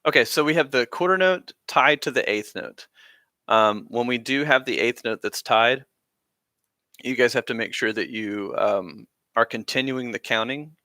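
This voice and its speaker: A man's voice: medium pitch, normal speed, pushed and bright, no room sound, studio quality. A man teaching a band class on a live stream, talking casually with lots of fillers as he explains rhythms. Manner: casual, rambling, frequent fillers. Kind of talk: live-streamed music lesson.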